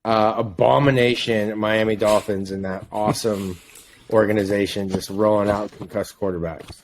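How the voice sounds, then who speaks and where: A man's voice: lowish voice, fairly even intonation, normal speed, a little hiss or hum. A man hosting a casual sports podcast, joking as he reads through the weekend's game picks.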